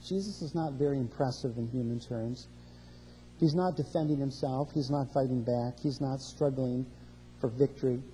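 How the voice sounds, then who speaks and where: A man's voice: medium pitch, moderate pace, warm tone, in a large hall, a little hiss or hum, poor audio. A man preaching a sermon, walking through scripture verse by verse and rising in emphasis on key questions. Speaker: pastor.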